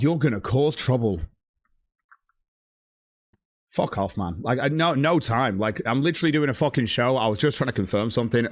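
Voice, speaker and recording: During an angry stream rant, a man with a mid-range voice curses heavily, gets heated, and reads out messages from his chat. The audio is clean studio sound with no room sound.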